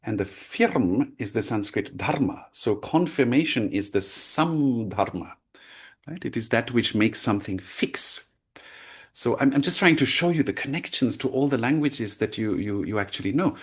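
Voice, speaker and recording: A man's voice: medium pitch, animated, normal speed, slightly rough. A man teaching a lecture, explaining with frequent checks like "right?" and "yeah?". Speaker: language teacher.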